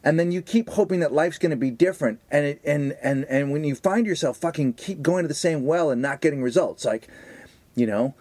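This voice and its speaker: A man's voice: a little high, brisk, a little mellow, no room sound. A middle-aged man and stand-up comedian co-hosting a podcast, talking in a profane, confessional way that slides into joking threats. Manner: profane, confessional, then mock-threatening banter. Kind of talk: casual podcast chat.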